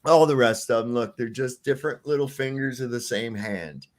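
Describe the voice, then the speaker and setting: A man's voice: medium pitch, normal speed. Rambling, profane podcast man. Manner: rambling, profane, laughs often. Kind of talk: casual chat.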